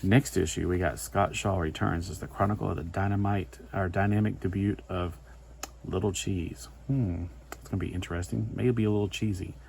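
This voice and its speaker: Low-voiced man rambling through a comic review. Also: steady tone, normal speed, vocal fry, a little mellow, slight background noise. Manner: rambling, chatty asides with filler words. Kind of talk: casual comic book review.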